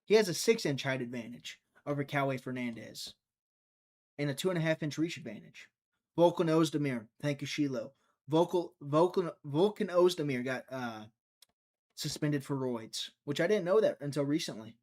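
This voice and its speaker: A young man from Mississippi hosts a casual live stream in a voice that runs on the high side, with a darkish tone and normal speed. Jokey and rambling, he reads the chat out loud and answers it.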